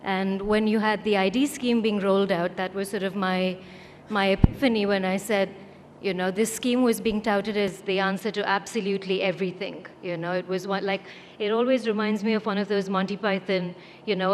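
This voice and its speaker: A woman from India, once a lawyer, speaks on a conference panel in a wry, anecdotal way. She acts out each quoted exchange as she goes. Her voice sits at a middling pitch and carries a long hall reverb, with faint noise underneath. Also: steady tone, a little fast, few pauses. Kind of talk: storytelling talk on a panel.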